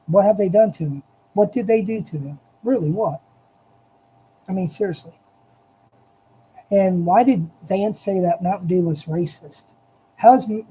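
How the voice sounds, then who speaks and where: In a low-quality recording, a political commentator speaks straight to the audience, repeating himself passionately and stressing each point. The voice is medium-pitched and mellow, with a breathy edge.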